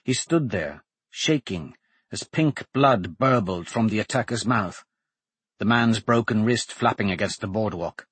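A man narrating an audiobook in a measured, dramatic storytelling manner. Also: on the low side, expressive, a bit bright, slightly rough, no echo.

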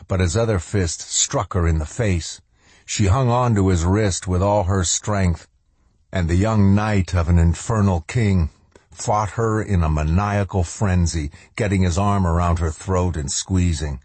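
A man reading a tense novel aloud as an audiobook narrator, measured and slowing for dramatic moments. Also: sits low, a little mellow, husky, dry recording. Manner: measured, slows for dramatic moments and voices the characters' lines.

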